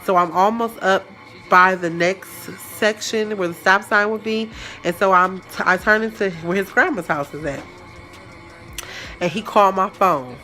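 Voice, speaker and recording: A woman telling a story in a casual, chatty vlog, animated and full of slang. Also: medium pitch, normal speed, soft background music. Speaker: vlogger.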